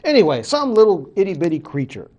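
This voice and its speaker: A man, a college professor, casually retelling a creation story in a lecture, animated and full of fillers. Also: high voice, fast.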